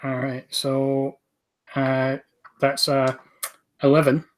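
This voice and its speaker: A player in a tabletop game, speaking in a halting, casual way. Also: mid-range voice, completely flat delivery, very noisy. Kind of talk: tabletop role-play chat.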